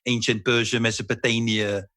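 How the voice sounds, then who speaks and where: Bright-voiced man chatting dryly. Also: mid-range voice, moderate pace, no echo. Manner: relaxed, rambling, self-deprecating. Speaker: actor guest. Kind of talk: casual interview chat.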